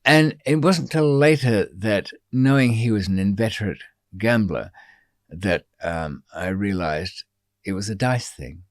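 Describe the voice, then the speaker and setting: A man's voice: on the low side, lively intonation, a little slow, no echo, clean studio sound. A man as a podcast guest, telling stories in a casual, wry way with many ums and restarts. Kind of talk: casual storytelling interview.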